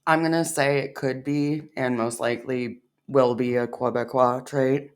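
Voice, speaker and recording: A woman's voice: a bass voice, fairly even intonation, a little slow. A woman co-hosting a reaction video, speaking in a dry, teasing way. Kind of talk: casual reaction chat.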